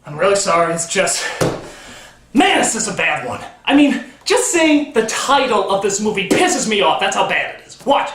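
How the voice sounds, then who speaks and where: A man's voice: high voice, sing-song, moderate pace, fairly bright tone, reverberant, a little hiss or hum. A man hosting a comedic film review, ranting and swearing in exasperation. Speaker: host.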